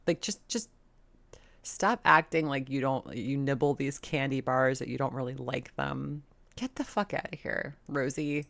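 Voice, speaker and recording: A woman's voice: very deep voice, moderate pace, gravelly, fairly bright tone. A woman hosting a reaction video, talking bluntly and sarcastically and swearing often. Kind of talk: casual commentary.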